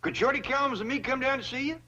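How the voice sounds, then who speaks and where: A drawling old hillbilly millionaire. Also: male voice, very high voice, bright, forceful tone. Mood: folksy. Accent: rural Southern US drawl. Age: older. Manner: plain, unhurried, folksy. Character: slow-spoken older hillbilly millionaire, kindly. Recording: dull old TV soundtrack with laugh track.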